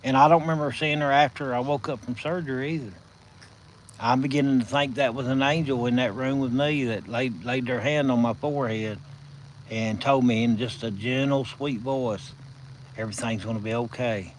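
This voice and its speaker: A man with a Southern US accent hosting a casual live stream from his phone, telling stories in a folksy, drawn-out way. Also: mid-range voice, steady tone, slight background noise, poor audio. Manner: folksy, drawn-out storytelling with chuckles.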